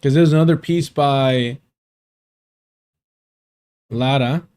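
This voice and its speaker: A man's voice: medium pitch, slow pace, darkish tone, smooth. A man hosting a livestream in casual chat, rambling and chuckling often as he talks. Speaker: livestream host.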